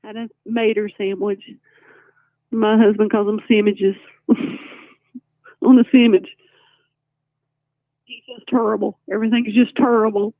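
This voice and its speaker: A woman's voice: mid-range voice, level tone, a little slow, long pauses, no echo. Giggly woman on a tinny line. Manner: playful, giggly, answers viewer comments. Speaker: live stream host. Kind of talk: casual live-stream chat.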